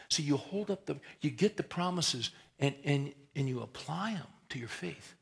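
A man preaching a sermon in a folksy, conversational way, rising to emphatic swells and dropping to hushed prayer. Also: on the high side, expressive, moderate pace, vocal fry, few pauses. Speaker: pastor.

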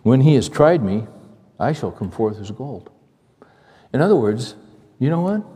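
A male pastor preaching a sermon in a conversational, animated way, repeating phrases and asking the congregation questions. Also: medium pitch, unhurried, husky. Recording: long hall reverb.

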